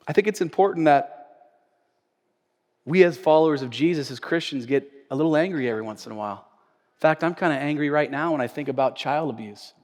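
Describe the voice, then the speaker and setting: A male pastor preaching a sermon in a church sanctuary, conversational, swinging from loud emphasis to quiet asides. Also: a little high, brisk. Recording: echoey church hall.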